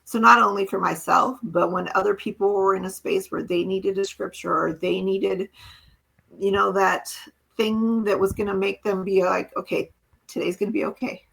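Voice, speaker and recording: A woman's voice: mid-range voice, fairly even intonation, normal speed, gravelly, a bit bright, rough recording. A woman guest on a podcast, sharing an earnest, emotional personal testimony and acting out quoted dialogue as she tells it. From small town.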